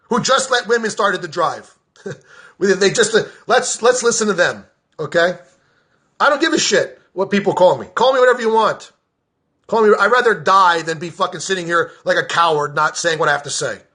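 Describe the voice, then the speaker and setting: A man podcaster giving a heated, profane political rant straight to camera, openly shouting. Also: high voice, animated, moderate pace.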